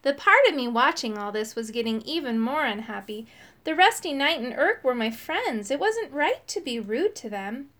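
A woman reading a children's book aloud in an expressive storytelling manner, changing her voice for the quoted lines. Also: high-pitched, moderate pace. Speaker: audiobook reader.

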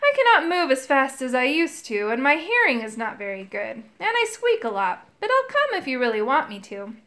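A woman's voice: sits high, big pitch swings, normal speed, a bit bright. A woman voicing a cheerful, slightly befuddled old knight who is hard of hearing, reading a storybook aloud. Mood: warm. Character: old deaf knight in rusty armor, cheerful and vague.

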